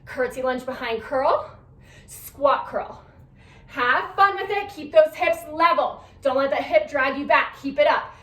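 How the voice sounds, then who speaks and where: A woman's voice: high-pitched, unhurried, a bit bright. A young woman fitness instructor cueing a workout class, counting down reps in an upbeat coaching manner while a little out of breath. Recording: echoey room, mic at a distance.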